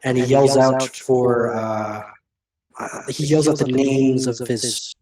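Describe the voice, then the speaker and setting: A man's voice: medium pitch, steady tone, slow, a little mellow, recorded from a distance, low-quality recording. A man narrating a tabletop game as game master, describing the scenes with slight stammers.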